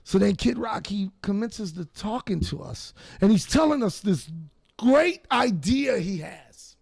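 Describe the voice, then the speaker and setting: A man from Detroit with a Detroit accent, hosting a podcast and telling profane, animated stories in a casual way. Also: sits high, measured pace, creaky, husky. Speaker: podcast host. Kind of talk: casual storytelling.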